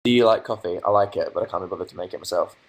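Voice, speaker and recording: A young Englishman with a deep voice talks at a rapid-fire pace, with a faint hiss or hum on the audio. He's hosting a casual livestream from his bedroom, reading viewers' comments aloud and answering them with dry, sarcastic asides.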